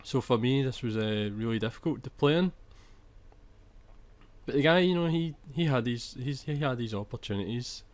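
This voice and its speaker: A man's voice: mid-range voice, animated, normal speed. A young man commentating over his own football video game footage, chatty, restarting sentences and swearing when annoyed. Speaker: gaming commentator.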